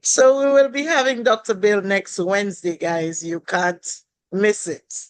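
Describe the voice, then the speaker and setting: A woman hosting an online panel on a video call, giving an emotional, grateful thank-you speech with a hoarse, worn-out voice and many pauses. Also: medium pitch, fairly even intonation, dry recording, rough recording.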